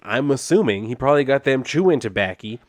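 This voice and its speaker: A man recapping a comic book issue in a loose, rambling way, full of "like" and "I guess." His tone is sarcastic and exasperated, and his voice sits at an average pitch for a man. The recording is dry and close, with no room echo. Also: animated, fast talker. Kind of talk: casual recap and review.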